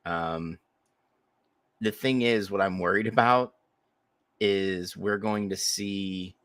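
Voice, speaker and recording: Sarcastic podcast guy, swears a lot, low bright voice, dry close mic. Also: takes it slowly, dry recording. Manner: emphatic, profane, sarcastic. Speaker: podcast co-host. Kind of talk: casual chat.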